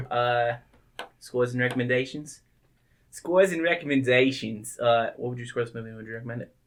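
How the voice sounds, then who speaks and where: Bright-voiced man chatting about a movie. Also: medium pitch, normal speed. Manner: swears a lot, animated, puts on voices when quoting. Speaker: movie podcast co-host. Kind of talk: casual chat.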